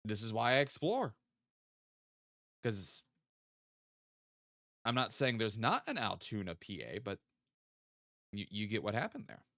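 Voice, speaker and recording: A man's voice: on the low side, very animated, unhurried, long pauses, fairly bright tone, no room sound, clean studio sound. A young man, chatting casually with viewers while playing a geography game and thinking aloud. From American South. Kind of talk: casual live-stream chat.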